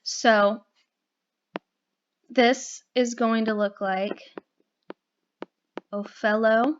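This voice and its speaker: Female teacher, unhurried and explanatory, checks understanding often; muffled home recording with faint hiss. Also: a little high, fairly even intonation. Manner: patient, explanatory, frequent "okay?" and "right?" checks. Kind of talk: recorded grammar lesson.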